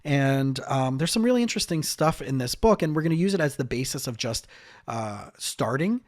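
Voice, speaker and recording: A man's voice: mid-range voice, lively intonation, brisk, darkish tone, no room sound, clean studio sound. A man hosting a podcast as a marriage and family therapist, chatting casually with lots of fillers and restarts.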